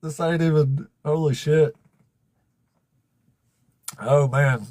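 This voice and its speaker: Choked-up raspy man on a livestream. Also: a little high, fairly even intonation, takes it slowly, darkish tone, no room sound, clean studio sound. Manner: overwhelmed, laughing, swearing, thanking viewers. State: emotional, fighting back tears. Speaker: livestream host. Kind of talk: casual livestream chat.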